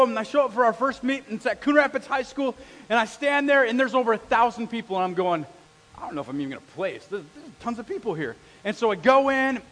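A middle-aged male pastor preaches in an animated storytelling style, slipping into quoted voices as he speaks to the congregation. His voice sits high for a man. The sound carries a long reverb from the church hall. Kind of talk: sermon with storytelling.

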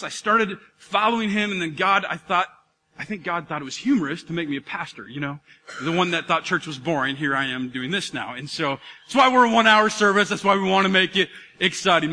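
A man's voice: high-pitched, long reverb tail. A man preaching a sermon as pastor, talking in a casual, joking way with his congregation. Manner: energetic, conversational, joking with the congregation. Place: church auditorium.

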